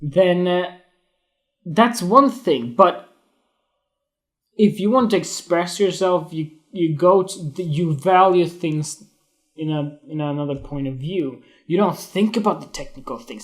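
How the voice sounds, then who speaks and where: A man's voice: a little high, a little slow. Rambling, blunt young man talking photography. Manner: rambling, blunt and swearing freely. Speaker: photography podcast host. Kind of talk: casual solo talk on a live stream.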